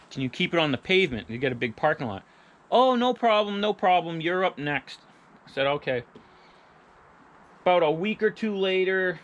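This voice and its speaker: A man's voice: fairly high pitch, a bit bright. A man vlogging about his truck build, telling a story bluntly and with profanity, acting out the arguments in quoted dialogue. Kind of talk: casual storytelling rant. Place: garage or shop.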